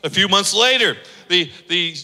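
A man's voice: high voice, animated, normal speed, sharp tone, long reverb tail, poor audio. A man preaching a sermon as pastor, emphatic and calling on the congregation to read along. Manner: emphatic, leads the congregation in reading aloud.

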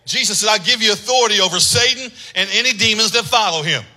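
Bright-voiced preacher man, high and forceful. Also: fast talker, rough recording. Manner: storytelling, swings from low conversational to loud shouted preaching. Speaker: pastor. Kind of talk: sermon.

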